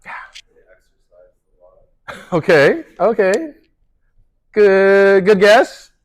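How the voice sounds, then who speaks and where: A man, a pastor, leading a workshop in a conversational way, telling stories with lots of restarts and fillers. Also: very slow. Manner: animated storyteller, lively pitch swings, many restarts and fillers.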